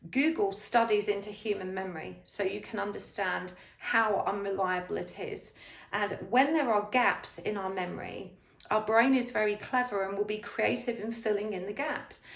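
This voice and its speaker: A woman's voice: mid-range voice, normal speed, gravelly. Reassuring woman tarot reader, echoey room. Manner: earnest, reassuring advice, speaks straight to the listener. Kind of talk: pick-a-card tarot reading, direct address to viewer.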